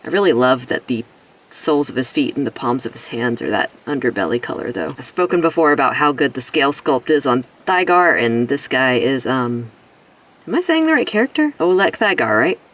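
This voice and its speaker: A toy reviewer chatting through a casual action figure review while sick, with a rough voice and self-deprecating jokes. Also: medium pitch, fairly quick, a bit bright, recorded from a distance, poor audio.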